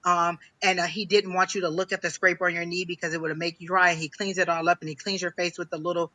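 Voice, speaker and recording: A man giving a live psychic reading on a stream, talking in a halting way, repeating phrases with many ums. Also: high voice, level tone, bright, forceful tone, rough recording. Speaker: psychic reader.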